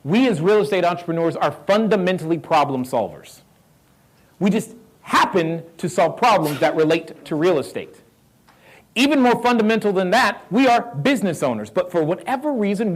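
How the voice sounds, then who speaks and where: Southern guy hyping up a room, kinda high voice, repeats stuff, keeps asking yes or no. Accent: Southern American. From North Carolina roots. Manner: energetic, asks the crowd questions, repeats key lines. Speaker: real estate speaker. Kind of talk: live motivational talk.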